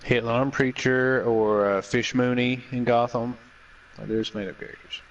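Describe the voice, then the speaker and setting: A man in casual podcast chat, explaining things in a relaxed, matter-of-fact way. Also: medium pitch, normal speed, lo-fi sound. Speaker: podcast co-host.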